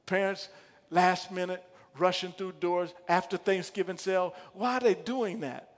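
A middle-aged male pastor preaching a sermon, swinging from quiet low asides to loud, emphatic repeated lines. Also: steady tone, unhurried. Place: church sanctuary. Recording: long hall reverb.

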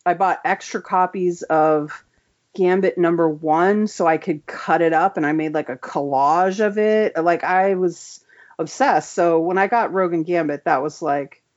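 A woman's voice: fairly low pitch, unhurried, dull audio. A woman guest on an interview show, chatting casually and enthusiastically with lots of filler words. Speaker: comic book writer, guest.

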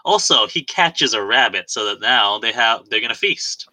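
A man's voice: medium pitch, animated, normal speed, pushed and bright, no room sound, poor audio. A man co-hosting a podcast in casual film review chat, chatty and self-deprecating, laughing often. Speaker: podcast co-host.

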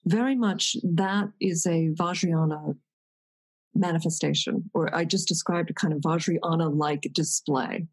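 Husky-voiced woman, thoughtful teacher. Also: deep voice, fairly even intonation, measured pace, low-quality recording. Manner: thoughtful, searching, many restarts. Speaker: meditation teacher. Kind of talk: reflective conversation.

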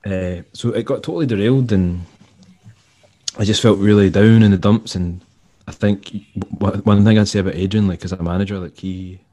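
Low, mellow Scottish man telling stories. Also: normal speed. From Scotland. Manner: rambling, laid-back, acts out quoted dialogue. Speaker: podcast guest, musician and tour manager. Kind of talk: casual storytelling interview.

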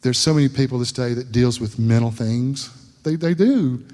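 A man's voice: medium pitch, normal speed, darkish tone. A middle-aged man preaching a sermon, telling a folksy story and laughing often. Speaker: pastor. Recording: long hall reverb.

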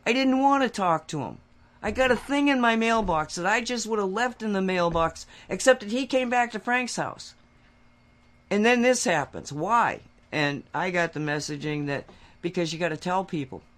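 Higher-pitched man telling a story. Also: normal speed. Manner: animated, getting louder and higher when worked up; rambling with restarts and acted quotes. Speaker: talk show co-host. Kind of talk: casual storytelling chat.

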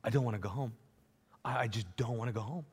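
A man's voice: mid-range voice, quick pace, breathy edge. A man acting out a desperate, tormented man who pleads and repeats himself, with a long church hall reverb. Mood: pleading.

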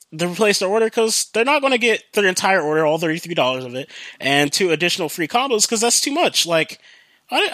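A man's voice: sits high, pushed and bright, no echo. A young man hosting a podcast, talking drunk in a rambling, profane way full of fillers. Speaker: podcast host. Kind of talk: casual rambling monologue. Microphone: new home podcast mic.

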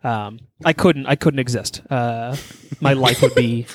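A man's voice: mid-range voice, unhurried, dry recording. A man co-hosting a podcast, telling a story in casual chat with profanity and comic exaggeration. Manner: animated, profane, exaggerating for laughs. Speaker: podcast co-host.

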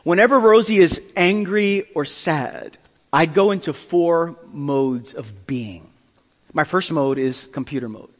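Man, pastor, sermon, animated storyteller, higher voice, long reverb. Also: unhurried. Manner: animated storytelling, acting out dialogue.

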